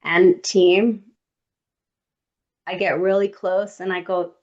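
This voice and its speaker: A woman guest on a podcast, telling a personal story in an animated way and acting out what others said. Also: on the low side, slow, highs cut off.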